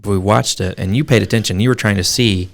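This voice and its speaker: A man co-hosting a casual podcast, speaking low with a gravelly edge. He is opinionated and jokey and laughs easily as he chats. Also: a little fast. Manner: joking, opinionated, laughs often. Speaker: podcast co-host. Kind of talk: casual chat about a film.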